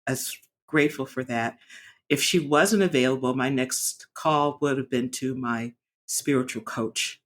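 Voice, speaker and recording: A woman speaking candidly in a personal vlog, reflective and earnest, often pausing and restarting her sentences. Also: very deep voice. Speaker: vlogger sharing a personal story.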